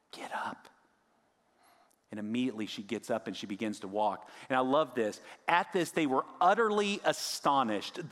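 A male pastor preaching a sermon, swinging from raised emphasis down to hushed, near-whispered lines. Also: medium pitch, in a large hall.

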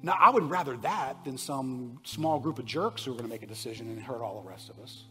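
Bright-voiced preacher in a reverberant hall. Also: male voice, mid-range voice, fairly quick. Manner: builds from conversational to loud impassioned preaching; addresses the congregation directly with questions. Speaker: pastor. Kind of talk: sermon. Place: church sanctuary. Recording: preached in a reverberant hall, soft guitar behind.

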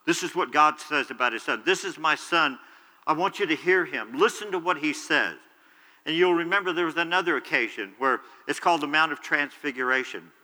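Earnest male preacher, bright and forceful, fairly high voice, long reverb in a church hall. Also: brisk. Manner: earnest, explanatory, retelling scripture in his own words. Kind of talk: sermon.

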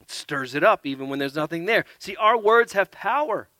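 Bright-voiced man preaching with earnest emphasis. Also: sits high, animated, normal speed, no room sound. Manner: earnest, swings from loud emphasis to quiet asides. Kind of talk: sermon.

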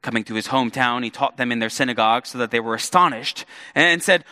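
A man preaching a sermon as pastor, animated, with playful asides to the congregation. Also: medium pitch, fast, few pauses. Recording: long hall reverb.

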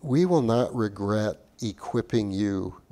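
A man preaching a sermon as pastor. He talks earnestly, repeats and restarts phrases, rises to emphatic peaks and drops to a quiet tone. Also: lowish voice, animated, slow, a little hiss or hum.

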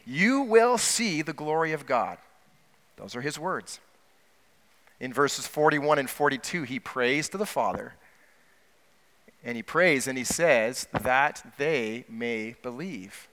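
Guy preaching in a church, slightly high voice, asks the crowd lots of questions, big echoey hall. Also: pushed and bright. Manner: asks the congregation questions, slows down for emphasis. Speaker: pastor. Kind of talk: sermon.

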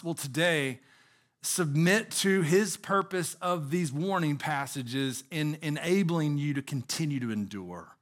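A man's voice: fairly high pitch, a little slow. A middle-aged man preaching a sermon as pastor, earnest, asking the congregation rhetorical questions.

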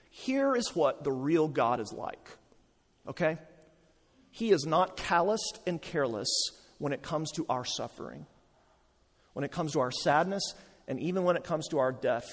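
A man preaching a sermon, swinging between loud emphatic lines and hushed, slow low passages. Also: big-room sound. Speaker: pastor.

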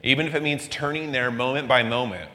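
A man's voice: fairly quick, sharp tone. A male pastor delivers a midweek sermon in an earnest, conversational way, sometimes lifting his voice to act out the people he quotes. His voice sits in a middle register. A long reverb trails behind his words, as in a large church. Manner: earnest preaching, acting out quoted voices with rising pitch.

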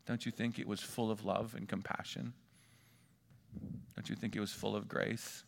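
A man preaching a sermon, pressing his listeners with repeated rhetorical questions and swinging between loud stress and hushed, drawn-out words. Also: on the low side, creaky. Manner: emphatic, asks the congregation repeated rhetorical questions. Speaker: pastor.

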